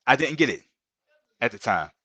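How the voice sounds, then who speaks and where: A man's voice: medium pitch, sing-song, moderate pace, pushed and bright, husky, no echo, lo-fi sound. A middle-aged man, a podcast guest, telling earnest and emotional stories in a casual interview, often repeating himself and calling the host bro.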